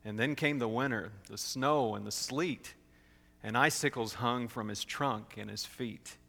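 A man reading a rhyming storybook aloud in a rhythmic, expressive way. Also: medium pitch, unhurried, gravelly. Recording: long hall reverb.

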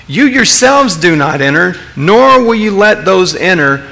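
A man's voice: high-pitched, sing-song, measured pace, vocal fry, sharp tone, long reverb tail, voice pushed up, exaggerated voice, low-quality recording. A man voicing a stern adult male Jesus who rebukes in a raised, scolding voice. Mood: angry.

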